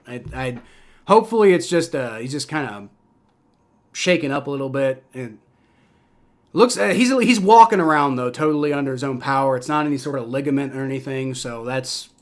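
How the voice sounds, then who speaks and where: A man's voice: medium pitch, expressive, a little fast. A man doing live fan reaction and play-by-play for a football game, rambling and profane, moving from anxious mumbles to furious rants. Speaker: fan livestream commentator.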